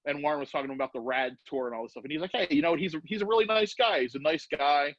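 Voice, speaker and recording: A middle-aged man, a former BMX rider, telling a profane, animated story as a podcast guest. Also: on the high side, racing, no room sound. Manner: profane, animated, acts out voices in anecdotes. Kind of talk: casual storytelling. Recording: dull lo-fi podcast audio.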